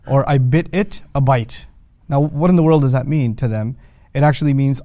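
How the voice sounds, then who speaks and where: A man's voice: mid-range voice, normal speed, mellow, no echo. Man explaining patiently in a dry room. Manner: explains patiently with everyday examples, rising emphasis. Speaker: Quran teacher. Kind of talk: casual spoken lesson.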